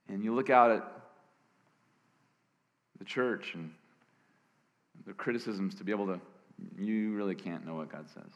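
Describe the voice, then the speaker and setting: A man preaching a sermon as pastor, his voice hoarse, gravelly and scratchy from cheering, swinging between loud emphatic bursts and hushed lines. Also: on the low side, moderate pace, pauses often. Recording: long reverb of a large hall.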